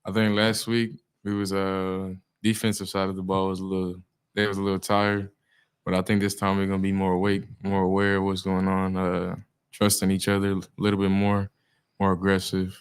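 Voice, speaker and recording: Teenage football player, man, low voice, smooth, flat delivery, informal, relaxed. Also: brisk. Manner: relaxed, informal speech with "we be" phrasing and many "uh"s. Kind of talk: casual interview chat.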